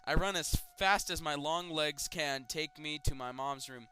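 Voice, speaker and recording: A young man reading creepypastas aloud and mocking them with sarcastic comments and loud outbursts. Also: a little high, unhurried, clear, resonant tone, faint music behind. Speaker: creepypasta reader. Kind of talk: comedic dramatic reading with commentary.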